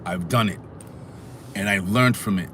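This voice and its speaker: A man hosting a casual live stream, animated and talking back to his chat. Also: low-pitched, unhurried, a little hiss or hum. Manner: animated, talks back to chat, sings snatches.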